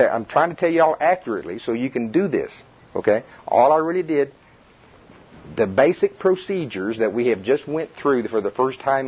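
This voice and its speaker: A man with a slightly husky voice teaches a small Bible study group in a room, folksy and repetitive, often asking his listeners to confirm what he has said. His voice sits at an ordinary pitch, and the recording sounds dull and lo-fi. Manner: folksy, repeats himself, restarts, questions the group.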